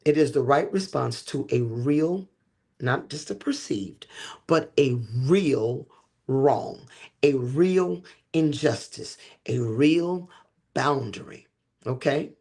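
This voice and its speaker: A man's voice: a little high, expressive, slow pace, pauses often, a little mellow. A man hosting a livestream teaching talk, with a preacher-like cadence, drawing out key words and checking in with listeners. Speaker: host.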